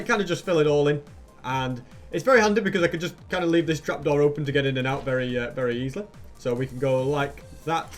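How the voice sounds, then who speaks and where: A young man narrating his own gameplay in a chatty way, asking viewers rhetorical questions as he goes. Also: mid-range voice. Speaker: Minecraft YouTuber. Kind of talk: gameplay commentary.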